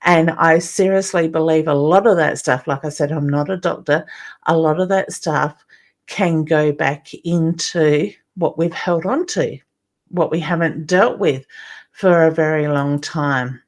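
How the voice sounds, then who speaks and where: A woman's voice: sits low, unhurried. Chatty Australian woman hosting a live stream. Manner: chatty, greets viewers by name, calls them honey. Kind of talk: live-stream chat reading viewer comments.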